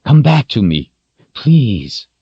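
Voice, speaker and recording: A man's voice: medium pitch, husky, no echo, muffled recording, voice pushed up, exaggerated voice. A male narrator voicing a young man who pleads urgently, raising his voice above the narration. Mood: calm. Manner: urgent pleading shifting to calm, slow reassurance. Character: young man, desperate then calm and steadying.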